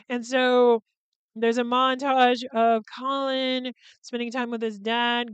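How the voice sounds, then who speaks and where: High-voiced, crisp woman recapping a film. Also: no echo. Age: 30s. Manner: chatty, profane, acts out quoted lines in voices. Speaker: podcast host. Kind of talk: casual solo movie recap.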